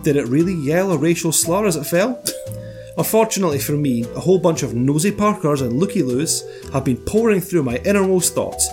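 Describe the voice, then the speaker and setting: A man's voice: a little high, lively intonation, brisk, music in the background, natural voice. A man playing a smug male scientist writing a defensive letter, in a sarcastic, self-pitying tone of mock complaint.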